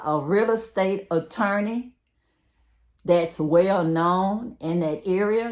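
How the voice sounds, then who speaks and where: A middle-aged woman with a Southern drawl talks in a low, unhurried voice. She gives friendly, folksy advice, speaking straight to her viewers. Her tone stays casual and conversational throughout. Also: darkish tone. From United States. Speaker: vlogger giving relocation advice.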